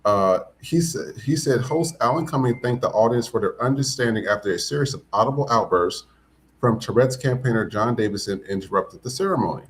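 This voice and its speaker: A man's voice: medium pitch, lively intonation, fairly quick, slight background noise. A man hosting a podcast, giving blunt, profane, emphatic commentary. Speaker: podcast host. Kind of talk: casual commentary.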